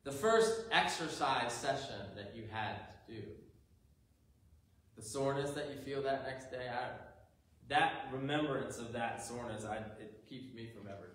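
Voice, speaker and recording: A man's voice: mid-range voice, a little slow, fairly bright tone. A man preaching a sermon as a pastor, earnest, leaning into the quoted lines, with dry self-deprecating humor. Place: church sanctuary. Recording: very echoey church sanctuary, faint hum.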